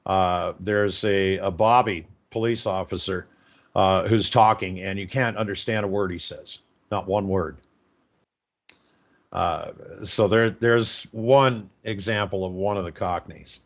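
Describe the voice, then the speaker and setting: Rambling low-voiced man. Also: steady tone, unhurried, dull audio. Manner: rambling, many uhs. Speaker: co-host. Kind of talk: casual call-in chat.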